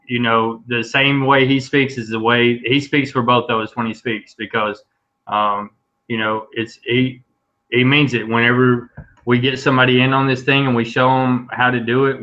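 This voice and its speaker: A man's voice: medium pitch, sharp tone. A man co-hosting an online video hangout, talking in a laid-back, drawling way full of ums and fillers. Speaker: co-host of online business hangout. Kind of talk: casual chat. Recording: dull lo-fi mic.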